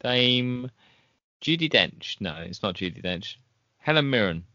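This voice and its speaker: A man hosts a podcast in a laid-back, hesitant way, filling gaps with ums. His voice is bright and tense, and the sound is dry and dull. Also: medium pitch, animated, unhurried, no room sound. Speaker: podcast host. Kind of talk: casual comedy banter.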